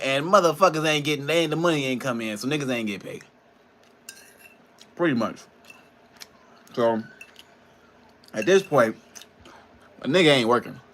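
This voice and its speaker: A man's voice: on the high side, pushed and bright. A man, a personal trainer and nutrition coach, ranting in a casual vlog, frustrated and profane, rambling between laughs.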